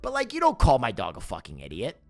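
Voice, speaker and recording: A young man in casual chat, telling profane, animated stories about his dog. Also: medium pitch, fast talker, gravelly, faint music behind. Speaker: streamer co-host.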